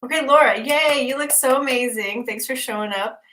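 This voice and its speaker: A woman's voice: high voice, moderate pace, bright, forceful tone, rough recording. A woman hosting a livestream as a spiritual teacher, talking in a bubbly, enthusiastic, effusive way. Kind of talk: livestream casual chat.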